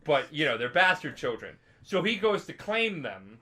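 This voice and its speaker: A man's voice: a little high, moderate pace. A tipsy young man co-hosting a podcast, rambling and swearing as he casually retells a story. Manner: rambling, profane, animated. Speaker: podcast co-host.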